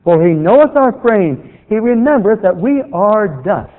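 High lively preacher guy, tinny phone-ish sound, long echo. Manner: quotes scripture in a slow measured cadence. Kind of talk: sermon.

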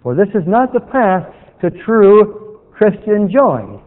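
A man preaching a sermon, quoting scripture in a slow, measured cadence. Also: high-pitched, big pitch swings. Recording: tinny phone-like sound with long reverb.

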